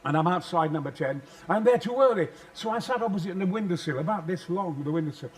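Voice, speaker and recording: Older Yorkshire man, actor guest, high lively bellowing voice, theatrical storyteller. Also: fast. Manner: booming, theatrical, bursts into roaring shouts. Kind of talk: animated anecdote telling.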